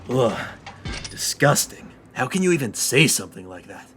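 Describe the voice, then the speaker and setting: A man's voice: mid-range voice, very animated, normal speed, fairly bright tone, slight background noise. A man voicing a sneering grumpy engine. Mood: scornful. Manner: sneering and dismissive, scoffing. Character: rude grumpy male train engine, contemptuous. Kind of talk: fan audio drama acting. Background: music.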